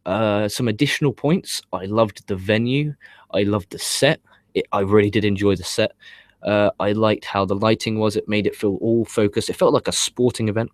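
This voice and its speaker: A man with a fairly low voice rants through a wrestling review, swearing freely and hammering his points through repetition. The sound is close and dry, with no room around it. He shifts between relaxed chat and heated complaint. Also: dry recording. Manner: ranting, profane, emphatic and repetitive. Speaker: wrestling show reviewer and host. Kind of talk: casual opinionated review with live comments.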